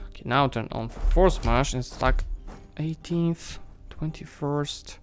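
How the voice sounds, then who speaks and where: A man streaming a strategy game, thinking aloud and chatting to the nations and armies on screen, his voice going hoarse. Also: on the high side, takes it slowly, soft background music. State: losing his voice. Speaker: gaming streamer. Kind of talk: live strategy game commentary.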